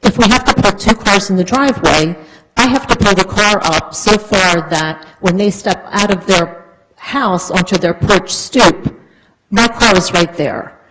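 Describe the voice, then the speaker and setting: A woman's voice: medium pitch, fairly bright tone, rough recording. A woman resident speaking earnestly at a town council meeting, explaining at length with frequent fillers. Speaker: resident speaking at public comment. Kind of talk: public comment at a council meeting.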